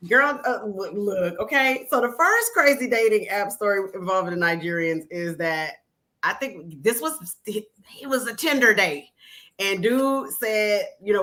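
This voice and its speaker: A woman guest telling frank, animated stories in casual chat, quick to laugh. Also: mid-range voice. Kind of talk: casual storytelling.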